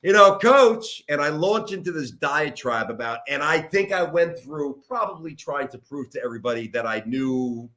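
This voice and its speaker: A man's voice: mid-range voice, moderate pace, few pauses. A middle-aged man, a sports radio host, telling a long story as a guest in a podcast interview, rambling and poking fun at himself. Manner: animated, rambling, self-mocking storyteller.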